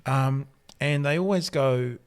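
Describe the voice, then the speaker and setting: A man's voice: medium pitch, slow, clean tone. A New Zealand man hosting a casual podcast chat, telling stories and acting out the voices of people he quotes. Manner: animated storyteller, acts out quoted voices. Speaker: podcast host. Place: hotel room by a lake.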